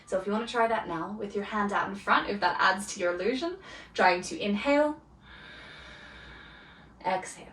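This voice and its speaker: A woman guides a beginner yoga class in a calm, soft-spoken way, with gentle pauses between her cues. Her voice sits at a middle pitch. She is picked up from a distance in a roomy, echoey space with faint ambience behind her. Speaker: yoga teacher. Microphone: camera mic from a distance.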